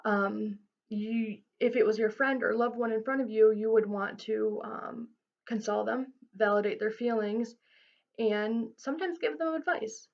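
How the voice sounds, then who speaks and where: A woman's voice: on the high side, measured pace, vocal fry, muffled recording. A woman giving informal mental health advice to camera, earnest and reassuring, with frequent ums and restarts.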